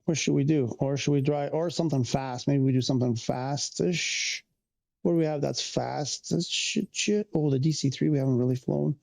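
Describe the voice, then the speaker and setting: A man's voice: medium pitch, steady tone, normal speed, gravelly, a little mellow. A man from Canada, chatting casually on a livestream, rambling and restarting as he answers viewers' questions. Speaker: streamer.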